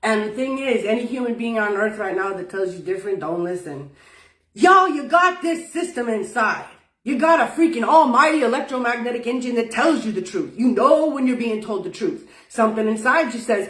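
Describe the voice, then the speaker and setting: A woman's voice: a little high, animated, fairly quick, far from the mic. A woman teaching spiritual wellness in casual talk, folksy and emphatic, swearing freely. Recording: roomy sound from off-mic.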